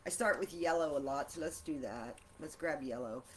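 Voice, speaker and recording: A woman vlogging while she draws in her art journal at home, talking in a soft, meandering way full of rhyming affirmations, recorded on a camera mic. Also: sits low, normal speed, a little hiss or hum. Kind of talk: meditative casual chat while drawing. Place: at home, seated at a desk.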